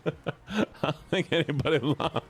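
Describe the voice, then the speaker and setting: A man's voice: fairly high pitch, a little slow, a bit bright, a little hiss or hum. A young man casually chatting with his live-stream audience while gaming, joking and swearing.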